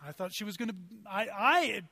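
A man's voice: high-pitched, animated, normal speed, gravelly, pushed and bright, some chatter behind. A male pastor preaching a sermon in a conversational, storytelling way, building his points through strings of rhetorical questions. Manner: conversational, personal anecdotes.

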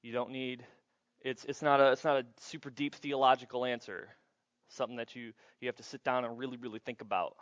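A man preaching a sermon as pastor, playful and animated, acting out little scenes for the congregation. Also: medium pitch, a little fast, dry recording, muffled recording.

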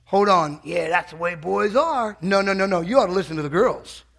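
A man preaching with real fire in a church, his voice sitting high for a man and ringing bright and forceful. He swings from steady teaching into sudden loud, shouted bursts. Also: normal speed, gravelly. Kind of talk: sermon.

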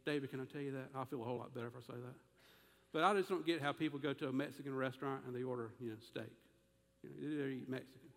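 A man preaching a sermon to his congregation, in a folksy, animated way, often acting out voices. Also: mid-range voice, rapid-fire. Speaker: pastor. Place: church sanctuary. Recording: long reverb of a church sanctuary.

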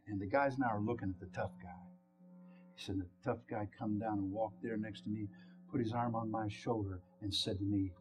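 A man preaching a sermon, telling a story with lively swings from loud exclamations to hushed whispers and calling out questions to the congregation. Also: on the low side, fairly quick, over music.

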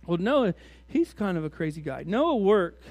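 High-voiced pastor preaching, dry sound. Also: male voice, very animated, moderate pace, darkish tone, no echo. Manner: conversational preaching, full of rhetorical questions to the congregation. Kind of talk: sermon.

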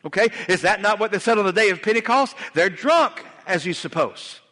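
A man's voice: high-pitched, fast talker, bright, forceful tone, long reverb tail. A male pastor preaching a sermon in a church, folksy and conversational, with asides and frequent restarts. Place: church sanctuary.

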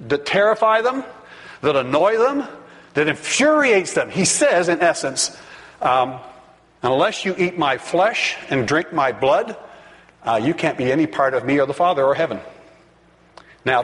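A man preaching a sermon, reading scripture aloud and acting out the crowd's voices with animated asides. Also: on the high side. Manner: animated, reads scripture and acts out the crowd's questions. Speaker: pastor. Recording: long hall reverb.

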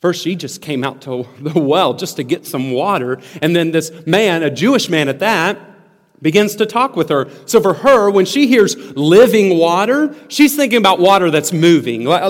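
Male pastor, emphatic sermon delivery, slightly high voice; reverberant church hall. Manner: emphatic, earnest, with repeated restarts.

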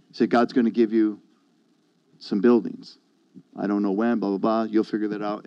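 Mellow-voiced man telling a sermon testimony. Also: fairly low pitch, no room sound, muffled recording. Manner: storytelling, conversational, quotes others. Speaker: pastor.

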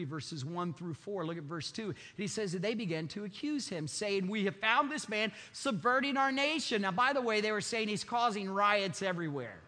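A man preaching a sermon as pastor, emphatic, swinging widely between loud and hushed. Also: long reverb tail. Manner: emphatic, sweeping swings in pitch and loudness.

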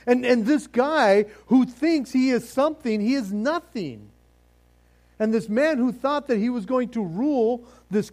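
A man reads scripture and then retells it in a playful, chatty way, breaking into laughter as he acts out the characters. His voice sits high for a man and swings widely in pitch. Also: a little mellow. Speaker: Bible teacher. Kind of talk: casual Bible teaching.

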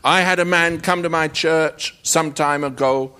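A man's voice: a little high, fairly even intonation, measured pace, sharp tone, clear, resonant tone. A man who is a pastor answering in an interview, telling a story in an emphatic, preacherly way with punchy short statements.

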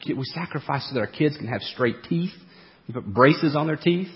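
A man preaching a sermon as pastor, swinging from emphatic, forceful peaks to quiet, low asides. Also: animated, moderate pace, big-room sound, muffled recording.

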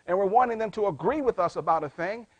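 Preacher guy with a high voice, tosses questions at the crowd, dry close sound. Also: expressive, quick pace, no echo, muffled recording. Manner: call-and-response questions to the congregation; wide swings in loudness and pitch. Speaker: pastor. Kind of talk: sermon.

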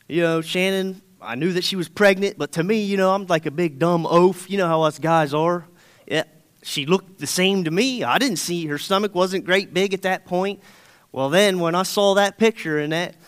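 A man's voice: fairly high pitch, a bit bright, clear, resonant tone. A man in his thirties preaching a sermon, folksy and conversational, often checking in with the congregation. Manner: folksy, storytelling, often asks okay?.

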